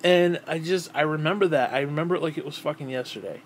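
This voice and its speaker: A man in his thirties with a fairly high voice tells an old memory in loose, casual storytelling. He swears freely and trips over repeated words as he goes. A faint background hum sits under his voice. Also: fast talker. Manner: profane, rambling, repeats and restarts words. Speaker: vlogger.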